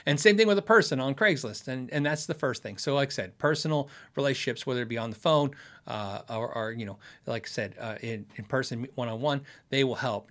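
A man's voice: mid-range voice, fairly bright tone. A man hosting a casual livestream, answering viewer questions in a friendly, frank way and laughing often.

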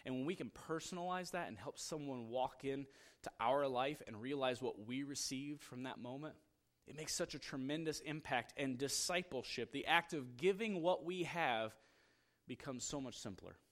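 Middle-aged male pastor, conversational sermon, storytelling delivery that drops to hushed asides and rises for emphasis. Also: mid-range voice, normal speed.

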